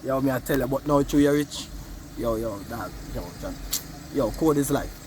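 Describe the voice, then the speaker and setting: A Jamaican man telling a story in lively patois, acting out the people he quotes. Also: mid-range voice, normal speed, a little hiss or hum. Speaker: cast member interviewee. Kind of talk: animated storytelling.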